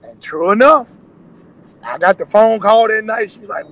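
High gravelly man telling a story. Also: normal speed, dull audio. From Nashville, USA. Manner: animated storyteller acting out quoted dialogue. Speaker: podcast guest, former cooking show contestant. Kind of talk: casual storytelling interview.

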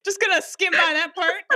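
A woman co-hosting a casual podcast, reacting with quick playful quips. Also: extremely high pitch, sharp tone. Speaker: podcast co-host.

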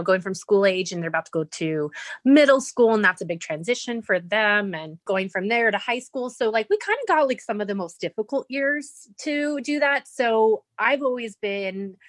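A woman's voice: medium pitch, moderate pace, no room sound. Middle-aged woman, candid storytelling, acts out dialogue, laughs a lot, dry close sound. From Nevada, USA. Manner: animated, acts out quoted dialogue, laughs often, lots of "like". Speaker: podcast guest.

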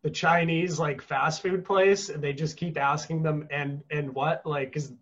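A man's voice: a little high, fairly even intonation, a little slow, fairly bright tone, muffled recording. A man co-hosting a podcast, joking around and laughing a lot. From United States. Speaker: podcast co-host. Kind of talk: casual podcast banter.

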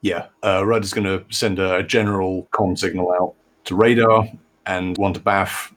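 A man's voice: low voice, little pitch movement, normal speed, fairly bright tone. A man playing a tabletop role-playing game, talking casually and hesitantly. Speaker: player. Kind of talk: tabletop role-play chat.

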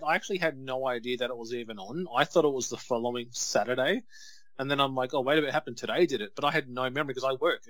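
A man, co-hosting a casual wrestling chat and telling stories in a chatty, animated way. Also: medium pitch, no room sound. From Australia. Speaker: podcast co-host.

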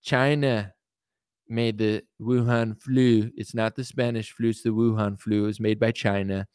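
A man putting on a vain, blustering president who rambles through endless exaggerated boasts. The voice is smooth and full, recorded dry and close with no room sound. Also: on the low side, flat delivery, measured pace, a little mellow, no room sound, lightly acted. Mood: ranting. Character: boastful male president impression, vain about hair.

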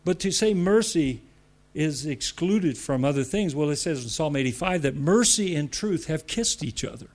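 An American man preaching to church leaders in a fairly high voice. He talks in a conversational way, repeats phrases for emphasis, and rises to loud, emphatic declarations. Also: lively intonation, normal speed. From United States. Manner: repetitive, conversational asides.

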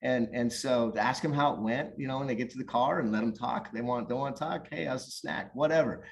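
A rambling, animated man telling coaching stories. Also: medium pitch, fast talker. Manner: animated, rambling with many restarts. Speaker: guest or co-host, youth soccer coach. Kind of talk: casual storytelling.

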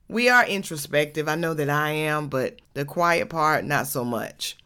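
A woman's voice: low-pitched, lively intonation, a little slow, hardly any pauses, fairly bright tone, smooth. A woman from Georgia, hosting her own podcast in a casual, chatty way, laughing often and saying y'all. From Georgia, USA. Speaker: podcast host.

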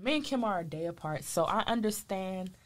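A woman's voice: medium pitch, lively intonation, fairly quick. A woman co-hosting a casual podcast chat, emphatic and opinionated, often leading in with "I will say". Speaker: podcast co-host.

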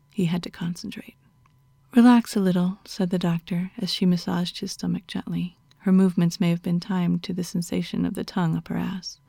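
A woman narrating an erotic story in a slow, hushed, mostly unvoiced whisper, close to the mic. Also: lowish voice, vocal fry, breathy edge, no room sound.

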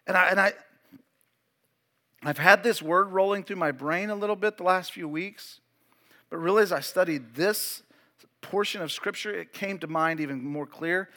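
High-voiced preacher guy in his 40s, sharp bright tone, keeps saying listen to me, really fired up. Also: normal speed. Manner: emphatic, repeats key phrases and urges listeners; builds to loud, fervent preaching. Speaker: pastor. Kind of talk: sermon.

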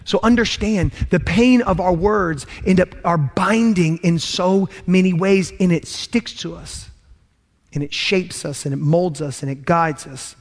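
A pastor preaching a sermon, earnest and emphatic, with words he repeats for weight and some lines dropped to a hush. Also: on the high side.

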